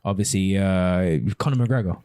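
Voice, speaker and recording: A low, mellow-voiced man with a southern English accent, chatting casually as a podcast co-host. He talks in an easygoing way and pauses to hunt for names. The sound is close and dry. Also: clean tone, no room sound. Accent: southern English, near London. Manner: easygoing, trails off and searches for names. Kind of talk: casual chat.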